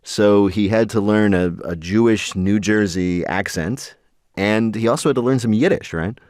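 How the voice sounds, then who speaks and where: Low-voiced wry podcast host, a man. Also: darkish tone, no room sound, studio quality. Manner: wry, quick, guiding questions. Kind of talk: conversational interview.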